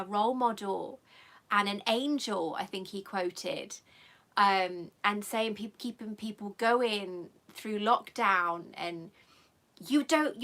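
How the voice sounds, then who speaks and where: A woman's voice: fairly high pitch, a bit bright. A woman hosting a live stream, chatting affectionately with viewers in a rambling, emotional way and coming close to tears. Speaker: channel host.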